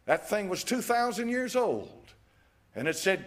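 A man's voice: high-pitched, very animated, unhurried. A man preaching a sermon in a folksy, emphatic way, chuckling at his own jabs. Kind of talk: fiery evening sermon.

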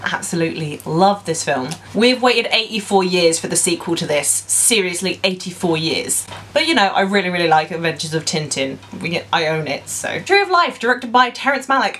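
A woman's voice: medium pitch, a bit bright, a little hiss or hum. A young woman vlogging casually about films, gushing with enthusiasm and playful sarcasm. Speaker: film vlogger. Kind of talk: casual vlog.

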